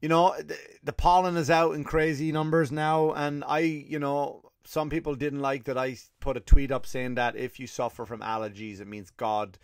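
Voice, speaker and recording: A man's voice: fairly high pitch, flat delivery, moderate pace, few pauses, no echo, clean studio sound. A man with an Irish accent hosting a comedy podcast, talking alone in a sarcastic, rambling, profane way with a slightly scratchy throat. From Ireland. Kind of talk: casual solo comedy monologue.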